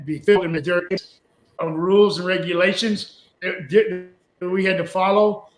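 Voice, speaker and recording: An older man who once worked as a wrestling booker rambles through a folksy story, chuckling along, in an interview clip. His high-pitched voice keeps a steady tone at normal speed, and the room sounds echoey.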